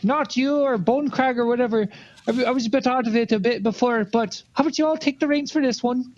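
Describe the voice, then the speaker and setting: A man's voice: extremely high pitch, quick pace, no room sound, lo-fi sound. A man playing his character in a tabletop game, brash and swearing a lot. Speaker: player. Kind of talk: in-character tabletop role-play.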